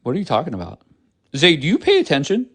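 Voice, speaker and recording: A man's voice: on the high side, wildly swooping pitch, fast talker, a bit bright, husky. A man hosting a live stream, talking bluntly and sarcastically with a lot of swearing. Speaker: livestream host. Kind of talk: casual live-stream chat.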